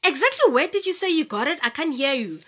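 A woman's voice: high-pitched, sing-song, quick pace, fairly bright tone, pitched above the performer's own voice. A woman voicing a hungry male fox from a children's story, pleading and whiny.

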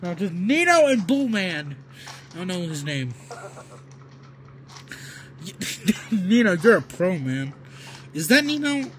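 A man giving excited gameplay commentary, yelling, laughing and pleading with his opponents as he plays. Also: high-pitched, slow, pauses often, slight background noise. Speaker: gaming video creator.

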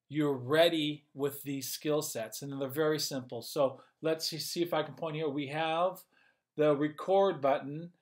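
Man, communication coach, upbeat, casual, slightly high voice. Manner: upbeat, conversational, thinks aloud while explaining. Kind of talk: casual instructional video.

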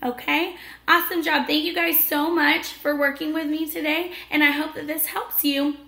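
A young adult woman teaching a children's phonics lesson, encouraging and drawn-out, recorded in an echoey room. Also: high voice, level tone, vocal fry, pushed and bright. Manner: encouraging, slow and drawn-out cheerful teacher talk.

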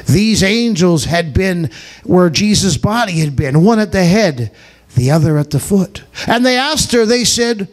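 Expressive slow-reading man pastor. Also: sits high, faint music behind. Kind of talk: dramatized scripture reading at a service.

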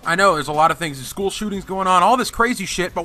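A man's voice: sits high, a little fast, few pauses, soft background music. A young man hosting a gaming channel, telling a story in an indignant, swearing rant. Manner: animated, indignant ranting with heavy swearing. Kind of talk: storytime vlog over gameplay.

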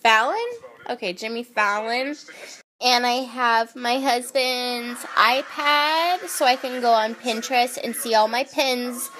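A woman's voice: a little high, steady tone, slow, pushed and bright, slight background noise. Stuffy-nosed, tipsy young woman. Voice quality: stuffy and nasal. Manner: goofy, rambling and chatty. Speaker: makeup artist. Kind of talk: casual drunk phone vlog. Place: at home. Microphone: phone camera.

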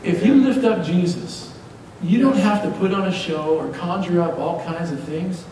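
A man preaches from the pulpit with a mellow, somewhat higher voice, mixing jokes with fervent urging. He stands well back from the mic in a church hall that rings with heavy echo, and a faint hiss sits under the recording. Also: moderate pace, far from the mic. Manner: lively, joking, exhorting. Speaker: pastor. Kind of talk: preaching a sermon. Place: church sanctuary.

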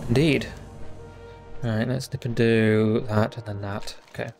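A man's voice: fairly low pitch, fairly even intonation, measured pace, creaky, a little mellow, soft background music. A man hosting a gaming channel, giving casual gameplay commentary, rambling and thinking aloud with fillers and trailing sentences.

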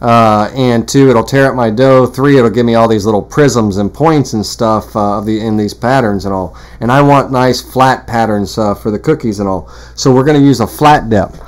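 A man walking through a woodworking software tutorial in a casual, rambling way, full of fillers and restarts. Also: medium pitch, moderate pace, hardly any pauses. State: has the hiccups. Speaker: CNC woodworking instructor. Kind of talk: screen-recorded software tutorial.

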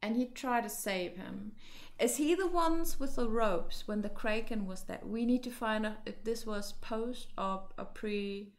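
A woman's voice: fairly high pitch, measured pace. Hesitant woman streaming a game. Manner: thinking aloud, hesitant, many fillers. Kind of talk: casual let's-play commentary.

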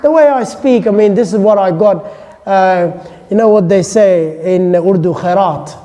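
High, mellow male lecturer in a hall. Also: unhurried, highs cut off. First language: English. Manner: chatty, joking, informal asides. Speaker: Islamic lecturer. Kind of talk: casual classroom lecture. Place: class hall with listeners. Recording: long hall reverb.

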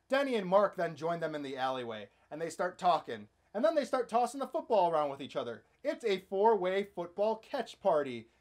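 A man hosting a comedic movie recap, narrating with sarcastic, playful asides. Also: high-pitched. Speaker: host.

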